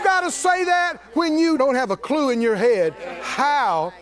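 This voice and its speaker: An older man, a pastor, preaching a sermon with call-and-response, swinging from loud exclamations to low murmurs. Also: sing-song, unhurried, crowd noise.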